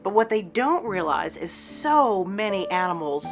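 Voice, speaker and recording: A woman's voice: mid-range voice, big pitch swings, measured pace. A woman who directs an animal rescue, explaining its work steadily in an interview. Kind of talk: interview talk. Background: music.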